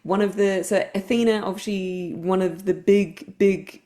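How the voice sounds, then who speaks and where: A woman with a New Zealand accent co-hosts a casual podcast. Her voice sits at an ordinary middle pitch. She teases her partner and steers the conversation with a playful edge. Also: steady tone, a little slow, dark tone. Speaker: podcast co-host. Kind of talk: casual chat.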